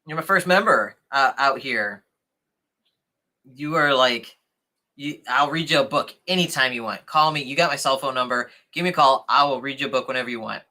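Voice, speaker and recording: A young adult man hosting a casual livestream, chatting excitedly and thanking viewers as he reads comments. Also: mid-range voice, moderate pace. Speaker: livestream host.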